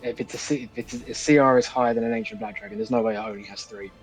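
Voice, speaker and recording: A man's voice: medium pitch, steady tone, soft background music, low-quality recording. Joking young man at a game table. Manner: casual, joking, quick. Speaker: player. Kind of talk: casual tabletop play.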